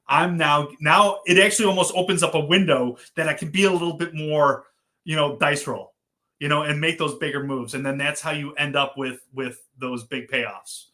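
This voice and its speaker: A man in casual podcast chat, giving fantasy football advice in a measured, conversational way. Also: a little high, bright, forceful tone. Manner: quick agreeing backchannels, then measured advice.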